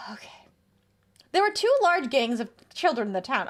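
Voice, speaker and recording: A woman's voice: high-pitched, very animated, unhurried. A woman streamer chatting playfully through a video game, reading its text aloud and reacting to it. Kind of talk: casual gameplay commentary.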